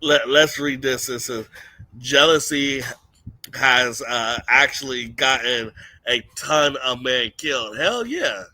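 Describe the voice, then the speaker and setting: Young man, bright forceful voice, dry close mic, blunt casual talk. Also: medium pitch, expressive, slow, no room sound. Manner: blunt, reads viewer questions aloud. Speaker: co-host. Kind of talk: casual streamed chat.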